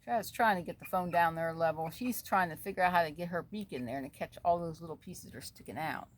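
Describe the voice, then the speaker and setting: This woman speaks on the low side and at a quick pace, chatting casually about the chickens in her backyard. She wanders from thought to thought and coos at them, all captured outdoors on a phone camera.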